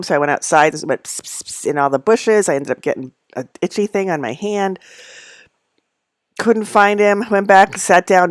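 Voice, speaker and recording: A woman's voice: on the low side, normal speed, dry recording, studio quality. A middle-aged woman hosting a casual live stream from her home, rambling through asides and laughing often. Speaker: host of a live knitting stream. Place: at home among packed belongings.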